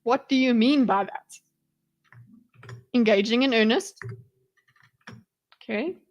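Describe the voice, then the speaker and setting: A woman's voice: on the high side, takes it slowly, lo-fi sound. South African woman streamer, rambling. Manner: rambling, swears and laughs often. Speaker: livestream commentator. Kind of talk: casual livestream commentary. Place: home streaming setup.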